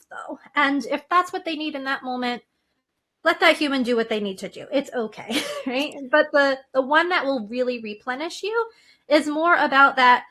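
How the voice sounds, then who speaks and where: A woman's voice: high voice, pushed and bright. A woman guest in a casual podcast conversation over a video call, playful and laughing often as she talks.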